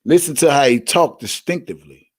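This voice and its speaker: A brash man, hosting an online show and talking profanely and loudly to his viewers. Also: medium pitch, lively intonation, brisk, slightly rough. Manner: brash, loud, profane, repeatedly urging likes.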